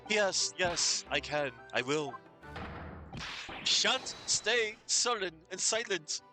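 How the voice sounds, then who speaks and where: A man voicing an excitable, paranoid male scholar in a game, given to dramatic, alliterative outbursts. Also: high-pitched, slow pace. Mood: eager. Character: excitable anxious Japanese male scholar prisoner. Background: game music.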